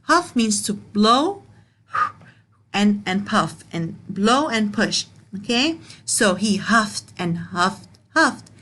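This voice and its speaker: A woman teacher reading a picture book aloud to young learners, explaining words slowly and asking questions. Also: medium pitch, sing-song, a bit bright. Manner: slow, repeats and explains words, asks questions.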